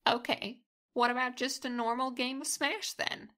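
A woman's voice: sits high, steady tone, normal speed, a bit bright. A woman playing a cocky young gamer who needles her rival with provocative taunts. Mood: taunting.

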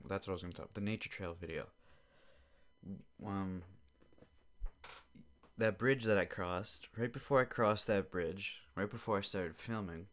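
In his home basement, a young man with a deep voice hosts a podcast, rambling and cursing through an irritated, casual rant. There's a slight hiss of background noise.

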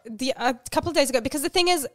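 A woman's voice: high-pitched, very fast, a bit bright, no echo, studio quality. A young woman co-hosting a podcast in a casual chat, rambling frankly and swearing freely. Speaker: podcast co-host.

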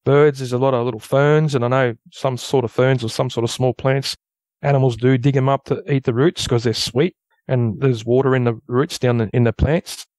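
A man with an Australian accent, a guest telling a long story in a rambling, casual way that turns animated at the tense parts. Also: mid-range voice, normal speed, no echo. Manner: rambling, loose storyteller who grows animated at tense moments. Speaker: guest recounting an encounter.

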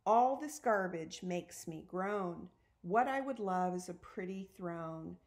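A woman's voice: fairly low pitch, expressive, slow. A woman reading a storybook aloud, voicing a bold young girl who acts like a princess and gives theatrical commands. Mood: chanting rhymes.

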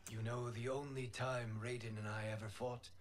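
A man voicing a calm, wise male wind god in a video game cutscene, speaking in a measured, solemn way. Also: mid-range voice, lightly acted.

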